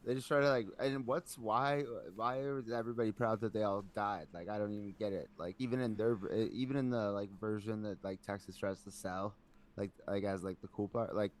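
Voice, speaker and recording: A man co-hosting a podcast in casual chat, dropping dry, deadpan quips. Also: on the low side, fairly quick. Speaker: podcast co-host.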